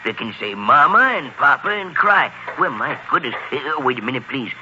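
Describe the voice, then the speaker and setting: A man's voice: medium pitch, very animated, moderate pace, bright, forceful tone, dull audio. A man playing a hearty, chuckling, kindly old Santa in a 1940s radio play. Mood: jolly. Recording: old radio recording, faint hiss.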